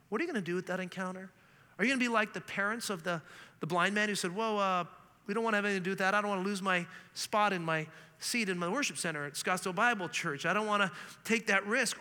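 A man from Canada preaching a sermon as a pastor, earnest and animated, telling stories with humor. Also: sits high. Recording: long reverb of a large hall.

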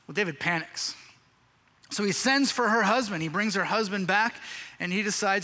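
A man's voice: high-pitched, normal speed, sharp tone. A male pastor preaching a sermon, telling a scripture story in a casual, slangy way. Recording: reverberant hall.

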